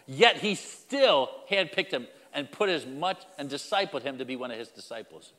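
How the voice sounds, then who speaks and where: Man, pastor mid-sermon: lively swinging delivery, bright and forceful, addresses the flock head-on. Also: a little high, moderate pace, long reverb tail. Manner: emphatic, repetitive preaching with direct address.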